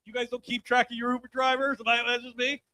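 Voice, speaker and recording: A man in his thirties doing a live stand-up comedy set, brash and loud, working the crowd and breaking into shouts. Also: very high voice, level tone, fast, dry recording. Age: 30s. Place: comedy club stage.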